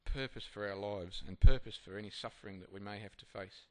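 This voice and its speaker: A man's voice: on the low side, brisk, a little mellow. A man giving a sermon, reading Bible passages and then reflecting on them in a conversational, hesitant way with many fillers and restarts. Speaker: preacher.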